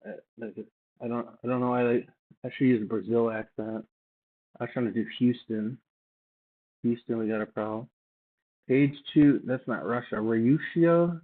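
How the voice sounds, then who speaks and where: A man reading old documents aloud and adding offhand, halting remarks as he thinks aloud. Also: mid-range voice, fairly even intonation, slight background noise. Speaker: channel host. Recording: tinny phone-like sound.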